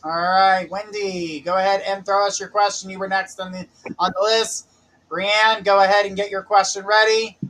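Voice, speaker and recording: A man's voice: sits high, level tone, normal speed, fairly bright tone, rough recording. A man hosting live psychic readings on a stream, casually calling viewers by name to ask their questions. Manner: calls out viewer names from a list, jokes about mispronouncing them. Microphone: live-stream mic with glitches.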